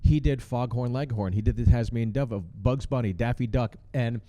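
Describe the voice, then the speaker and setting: A man hosts a relaxed talk about stand-up comedy. His mid-pitched voice is warm and mellow, and he works through his points in long, earnest explanations. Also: a little fast. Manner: explains at length, earnest and analytical. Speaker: host. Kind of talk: casual chat breaking down stand-up. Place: comedy club.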